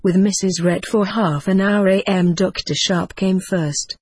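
A woman narrating an audiobook of diary entries in a steady, measured reading. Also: mid-range voice, slightly rough, no echo.

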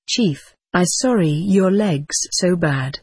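A woman voicing a solemn male spirit guide who speaks in slow, halting, broken phrases. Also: fairly low pitch, animated, a little mellow, slightly rough, no room sound, studio quality, heavily acted. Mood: concerned. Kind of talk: audiobook reading.

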